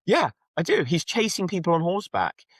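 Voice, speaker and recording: A man voicing an indignant Manchester man shouting at police, with a Manchester accent. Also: high voice, sing-song, fairly quick, no room sound, clean studio sound, voice pushed up.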